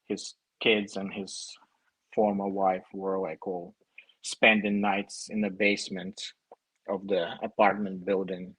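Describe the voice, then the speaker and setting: Ukrainian-accented man, low husky voice. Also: level tone, slow, a bit bright, no room sound, poor audio. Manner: hesitant, many fillers and restarts. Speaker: guest. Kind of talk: casual interview answers.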